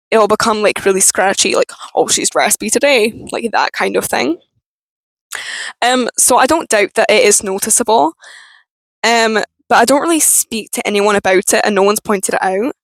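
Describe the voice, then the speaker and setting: A young woman with a Scottish accent, talking frankly and haltingly in a personal vlog. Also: medium pitch, dry recording, poor audio. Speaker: vlogger.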